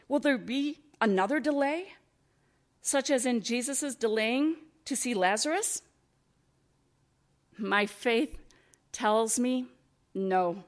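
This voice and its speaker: A woman pastor giving a sermon, with slow, expressive preaching and rhetorical questions. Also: on the high side.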